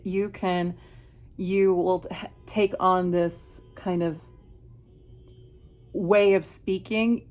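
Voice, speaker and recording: Low-pitched with vocal fry and a darkish tone, this middle-aged Miami woman talks while putting on makeup. It's a chatty beauty vlog in the get-ready-with-me style, reflective and rambling, and she keeps restarting.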